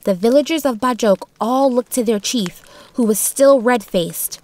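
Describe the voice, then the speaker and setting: A woman reading a storybook chapter in a steady, expressive narration. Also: fairly high pitch, normal speed. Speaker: audiobook narrator.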